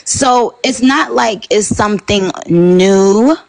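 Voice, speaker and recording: A woman from New talks through a casual interview. Her voice has a gravelly fry to it and sits at a middling pitch. She rambles and circles back, animated and full of fillers. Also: takes it slowly, poor audio. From Queens, New York. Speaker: interview guest.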